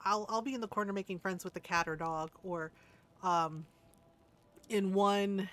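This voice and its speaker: A woman's voice: mid-range voice, fairly even intonation, normal speed, fairly bright tone. A woman streamer chatting candidly over gameplay, laughing often and swearing casually.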